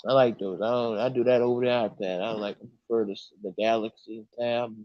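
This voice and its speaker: A man's voice: medium pitch, fairly even intonation, brisk, dry recording. A man calling into a livestream by phone, chatting casually and repeating himself. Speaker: co-host on phone. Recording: slightly dull phone audio.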